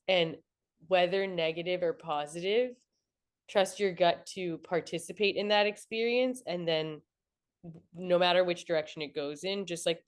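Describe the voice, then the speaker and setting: Low-voiced young woman, reflective. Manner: reflective, frequent "like" fillers. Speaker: entrepreneur guest. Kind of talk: casual podcast interview.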